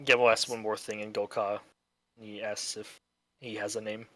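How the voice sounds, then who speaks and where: A man's voice: fairly low pitch, level tone, normal speed, a bit bright, dry recording. A man chatting casually as a player in a tabletop role-playing game, rambling with loose fillers. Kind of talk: casual tabletop play chat.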